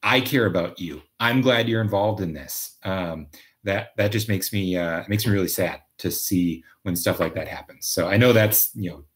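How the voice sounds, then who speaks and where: Minnesota guy rambling on a livestream, deep voice, lots of uhs and ums. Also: normal speed. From Minnesota, USA. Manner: rambling, many fillers and restarts. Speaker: livestream host. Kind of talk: casual live chat reading comments.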